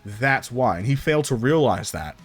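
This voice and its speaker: A man's voice: mid-range voice, animated, normal speed, soft background music. A man narrating a fan-made story in a casual, rambling, conversational way. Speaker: channel narrator.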